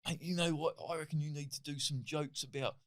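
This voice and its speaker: Brief: matey, brash Cockney promoter, put on by a man, higher than his own voice. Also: fairly even intonation, fast, close to an everyday voice. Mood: gushing. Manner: gushing, repeats "mate". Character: brash male British comedy promoter, matey.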